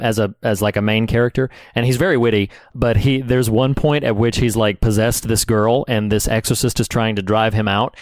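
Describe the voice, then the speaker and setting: A man's voice: medium pitch, no echo, clean studio sound. A man co-hosting a podcast in casual chat, chatty and enthusiastic, laughing easily. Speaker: podcast co-host.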